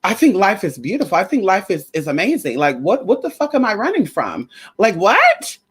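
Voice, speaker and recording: Woman vlogger going off, swears a lot, pitch jumps all over, preachy bits. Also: moderate pace, breathy edge. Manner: profane, emphatic, animated storytelling; preachy, sermon-like asides. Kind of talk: casual rant to camera.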